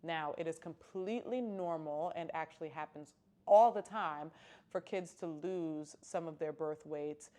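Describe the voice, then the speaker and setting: A woman's voice: sits low, unhurried, dark tone. A young woman telling a personal story in a casual, candid vlog, with emphatic exclamations. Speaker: vlogger.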